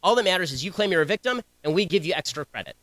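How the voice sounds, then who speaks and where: A young man giving a combative, sarcastic political speech to students, talking in rapid-fire bursts. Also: high voice, lively intonation, a bit bright, dry recording, low-quality recording. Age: young adult.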